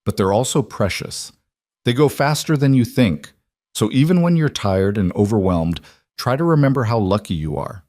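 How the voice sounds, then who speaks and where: A man voicing a stern older woman, a frontier midwife who gives firm, brisk instructions. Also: fairly low pitch, expressive, a little mellow, no room sound, clean studio sound, close to an everyday voice. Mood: gentle.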